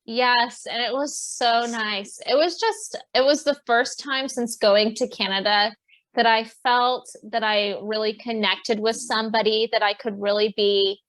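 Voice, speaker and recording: This is a woman from Virginia speaking as a guest on a podcast. She is soft-spoken and reflective, and she giggles between thoughts. Her voice is a little high and the recording is dry and close. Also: fairly even intonation, unhurried, no room sound. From Virginia, USA. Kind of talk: casual chat.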